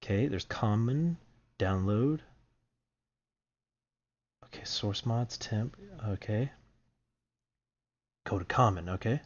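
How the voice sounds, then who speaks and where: A man's voice: on the low side, animated, slow, pauses often. A man streaming a horror game, nervously muttering to himself as he clicks through files. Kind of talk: let's play commentary. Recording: dull lo-fi stream audio.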